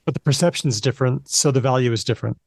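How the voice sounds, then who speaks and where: A man hosting a podcast interview, jumping in with lively, emphatic remarks. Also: mid-range voice, fast, creaky, slightly rough, dry recording, clean studio sound. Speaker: podcast host. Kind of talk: conversational interview.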